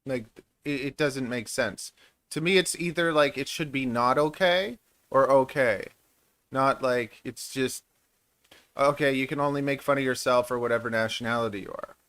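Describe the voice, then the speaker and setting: A man's voice: mid-range voice, normal speed, a bit bright, clear, resonant tone, dry recording. Man, thirties, stream host, rambling and jokey, mid-range voice, dry close sound. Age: 30s. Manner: rambling and jokey, laughs often. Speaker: channel host. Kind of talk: casual live-stream chat.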